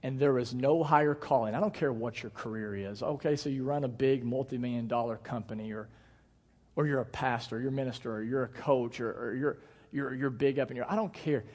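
A man's voice: medium pitch, darkish tone, husky. A man in his thirties, a pastor, preaching a sermon with earnest emphasis and playful storytelling asides. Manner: earnest, emphatic preaching with slowed stress on key words. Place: church sanctuary. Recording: long church hall reverb.

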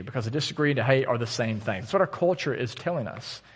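A pastor in his thirties preaches in an easy, conversational way and tells stories against himself. His voice sits somewhat high for a man. Long reverb from the church hall trails behind each phrase. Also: animated, fast talker, hardly any pauses, fairly bright tone, slightly rough. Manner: conversational, storytelling with self-deprecating humor. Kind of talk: sermon. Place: church sanctuary.

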